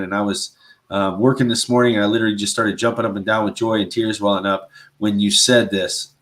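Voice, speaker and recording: A man's voice: lowish voice, level tone, a little fast, fairly bright tone. A man co-hosting a casual faith talk show, speaking earnestly and rambling, with a constant "right?" and "you know". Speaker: podcast co-host.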